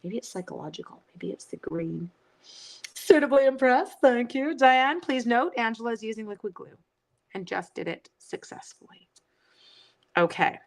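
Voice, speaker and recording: A woman's voice: on the high side, expressive, normal speed, rough recording. Woman, middle-aged, chatty crafting stream host, self-teasing, casual live chat. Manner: chatty, self-teasing, answers viewer comments.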